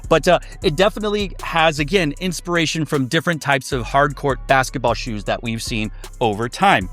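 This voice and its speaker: Man with a slightly high voice, casual sneaker review, chatty with fillers, faint music behind. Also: a little fast, a bit bright. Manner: chatty, loose, with many fillers and restarts.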